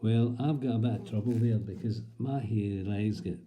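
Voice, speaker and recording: A man's voice: on the low side, normal speed, warm tone, lightly acted. A man in a comic monologue, playing a chatty, prim older Scottish woman with a Scottish accent. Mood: gossipy. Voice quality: gossipy, prim storyteller. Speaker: comic performer.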